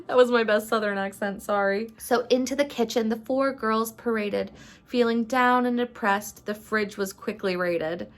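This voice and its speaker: A woman vlogger reading a rhyming picture book aloud at home at night, in an unhurried storytelling way, then chatting casually. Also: on the high side. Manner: unhurried storytelling, laughs between lines.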